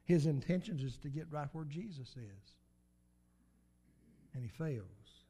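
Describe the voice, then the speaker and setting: A man's voice: fairly high pitch, lively intonation, unhurried, mellow, husky. A man preaching a sermon in an emphatic, repetitive cadence, with swells of volume.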